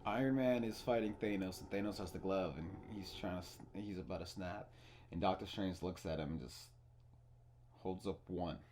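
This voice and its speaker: A young man hosting a casual podcast, excitedly retelling movie scenes, swearing freely and restarting his sentences. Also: sits low, normal speed, slight background noise. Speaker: podcast host. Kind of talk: casual spoiler chat.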